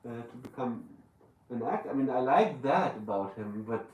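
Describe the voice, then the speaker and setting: A man's voice: mid-range voice, expressive, normal speed, a little mellow, dull audio. A man with a German accent, a guest in a live podcast interview, searching for his words as he talks. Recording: roomy live venue, distant mic, faint room noise.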